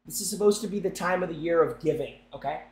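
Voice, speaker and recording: A young man live-streaming, chatting loudly and excitedly to his viewers while he opens game packs. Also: a little high, quick pace, reverberant, over a noisy crowd. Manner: excitable, loud, chanting and talking to chat.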